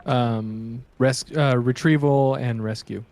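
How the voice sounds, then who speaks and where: A man's voice: medium pitch, fairly even intonation, takes it slowly, darkish tone. A man playing a character in a tabletop game, answering in a dry, joking, matter-of-fact way. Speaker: player.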